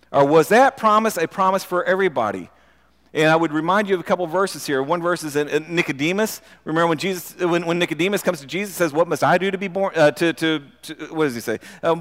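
Man, sermon, earnest, repeats himself, asks the congregation questions, fairly high voice, long reverb. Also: fairly bright tone. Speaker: preacher.

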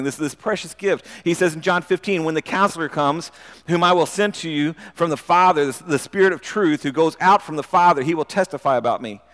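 A man's voice: on the high side, fairly bright tone. A man preaching a sermon in an earnest, questioning way, often repeating words as he goes. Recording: long hall reverb.

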